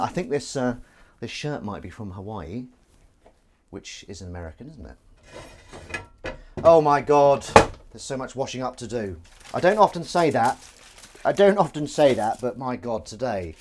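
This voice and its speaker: A man with a Southern English accent rambles to his live-stream viewers while washing up, teasing himself as he goes. His pitch leaps around with a lot of play, and a faint hum sits under the voice. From England. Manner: rambling, self-mocking banter with chat.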